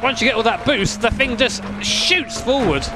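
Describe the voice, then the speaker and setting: A man's voice: very high voice, normal speed, noisy background. A man giving chatty, swearing gameplay commentary while driving a rally sim at home. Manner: chatty, swears casually, laughs often. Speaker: sim racing streamer.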